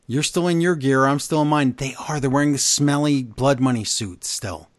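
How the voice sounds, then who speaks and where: A man co-hosting a podcast, recapping events in casual chat, animated and blunt with his opinions. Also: mid-range voice, moderate pace, no room sound, studio quality. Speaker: podcast co-host.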